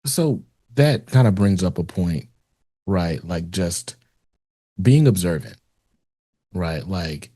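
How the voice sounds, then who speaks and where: A man hosting a podcast, chatting in a relaxed, rambling way with lots of fillers. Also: sits low, slow, long pauses, breathy edge, no echo, clean studio sound. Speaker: podcast host. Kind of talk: casual interview chat.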